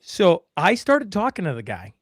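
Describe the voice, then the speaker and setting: A man hosts a podcast and spins a casual, rambling story, stopping for fillers and restarting his sentences. His voice sits a touch high for a man. The recording is close and dry, with no room sound. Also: wildly swooping pitch, moderate pace, no echo. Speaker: podcast host.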